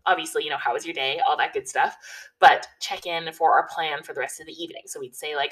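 Brief: woman, low voice, casual advice vlogger, chatty and filler-heavy, mic a bit distant. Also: fairly quick. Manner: chatty and relaxed, with many fillers like "you know" and "like". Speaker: wedding planning advice vlogger. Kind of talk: casual advice talk to camera.

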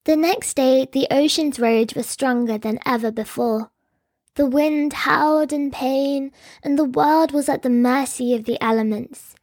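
Woman storyteller, high pitch, close dry sound, scripted narration with wry asides. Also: unhurried, a little mellow, no room sound.

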